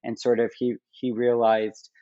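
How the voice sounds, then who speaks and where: A man who is a guest on a podcast, talking about the app he works on, with halting speech full of restarts and fillers. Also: mid-range voice, completely flat delivery, mellow, dry recording, dull audio. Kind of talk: casual interview talk.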